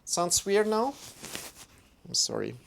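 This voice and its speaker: A man teaching a live-streamed yoga class. He greets viewers by name and answers their chat comments in an unhurried way. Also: high-pitched, sing-song, gravelly, a little hiss or hum. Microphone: streaming microphone.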